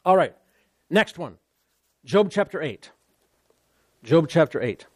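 A man preaching a sermon with call-and-response, animated and repeating words for emphasis. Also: on the high side, slow pace.

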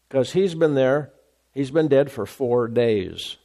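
A man's voice: mid-range voice, animated, slow pace, mellow. A man preaching a sermon, emphatic, repeating phrases and restarting mid-sentence.

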